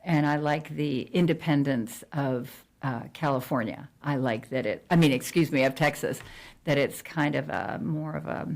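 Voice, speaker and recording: A woman's voice: low-pitched, moderate pace, darkish tone. A middle-aged woman from New Jersey, a real estate agent chatting casually in an interview, with frequent fillers and restarts.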